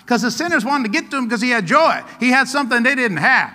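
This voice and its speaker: A man's voice: very high voice, fast. Pastor guy preaching, bouncy up-and-down voice, big church echo. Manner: animated, playful preaching with laughs and acted-out asides. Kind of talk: sermon.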